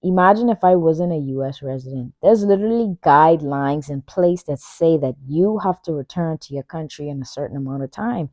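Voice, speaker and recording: A woman's voice: low voice, animated, fairly quick, few pauses, darkish tone, no room sound. A young woman from the Bahamas telling a travel story to camera in an emphatic, indignant way. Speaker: vlogger.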